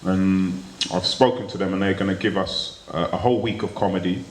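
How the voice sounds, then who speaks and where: A man's voice: sits low, steady tone, fairly quick, slight background noise. A man comedian giving an earnest, emphatic closing speech at a live show, repeating words for stress. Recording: echoey live room with audience.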